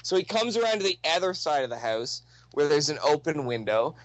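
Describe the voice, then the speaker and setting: A man's voice: fairly high pitch, big pitch swings, fairly quick, no echo, low-quality recording. A young man telling a wild story in casual, profane speech, laughing often and acting out the people in it.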